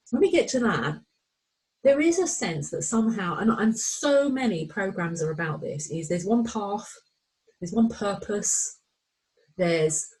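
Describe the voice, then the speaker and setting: A middle-aged woman coach walking listeners through a course module, animated and excitable, often acting out inner voices. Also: mid-range voice, low-quality recording. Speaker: menopause anxiety coach. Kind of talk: recorded course walkthrough.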